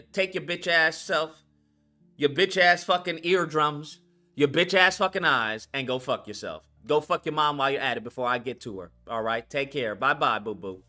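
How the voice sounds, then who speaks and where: A man's voice: on the high side, normal speed, pushed and bright, faint music behind. A man hosting a live stream, ranting in a heated, mocking and profane way, taunting a viewer to call in.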